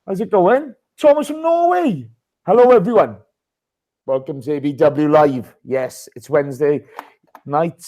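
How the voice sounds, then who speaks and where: A man's voice: fairly high pitch, expressive, unhurried, mellow, poor audio. A man hosting a casual live podcast, chatting and greeting listeners by name. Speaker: podcast host.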